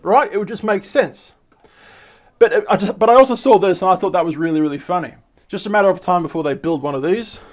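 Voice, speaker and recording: A high-pitched man reads articles aloud and comments on them as he goes. He is excitable and chatty, and he often stumbles, restarts and repeats words. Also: quick pace. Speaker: channel host.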